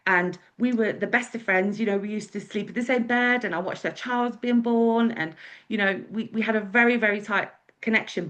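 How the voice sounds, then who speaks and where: A woman's voice: mid-range voice, highs cut off. Chatty Englishwoman telling her story. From England. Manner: chatty, candid, with acted-out quotes. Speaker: guest speaker. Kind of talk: personal storytelling.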